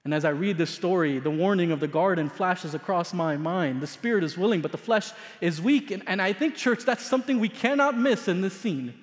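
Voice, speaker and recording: Man, pastor, sermon, high voice, dramatic storytelling, loud and hushed turns, long hall reverb. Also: fairly quick, few pauses.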